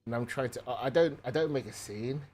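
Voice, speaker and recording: Male streamer, home setup, mid-pitched voice, rambling animated storyteller, faint music under him. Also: fairly quick. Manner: rambling, animated, swears, keeps adding "right?". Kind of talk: casual storytelling.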